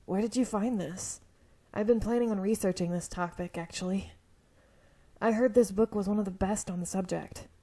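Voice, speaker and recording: A woman voicing a shy, bookish young man in an otome game she reads aloud, speaking softly and earnestly. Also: medium pitch, moderate pace, close to an everyday voice. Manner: soft-spoken, earnest, gets passionate about books.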